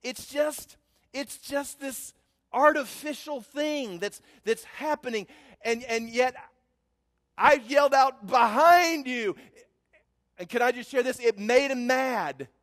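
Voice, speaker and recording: A man's voice: very high-pitched, a little slow, long reverb tail. A man telling a personal story in a sermon as a preacher, building to emphatic preaching.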